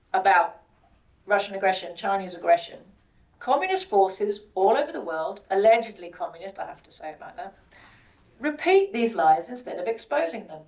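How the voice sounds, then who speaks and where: A woman's voice: on the high side, recorded from a distance, low-quality recording. A British woman speaking as the guest at an event, making her points with rhetorical questions and words repeated for stress. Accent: British English. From Britain. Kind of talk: public speech.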